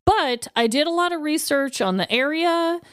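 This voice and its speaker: A woman's voice: sits high, expressive, moderate pace, a bit bright, no echo, clean studio sound. A woman co-hosting a podcast, switching between scripted narration full of puns and casual, giggly chat. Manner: pun-laden storytelling, chatty and giggly. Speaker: podcast co-host.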